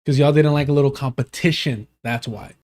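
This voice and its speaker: A man's voice: mid-range voice, a little fast, darkish tone. A man streaming live, giving blunt, sarcastic reaction commentary.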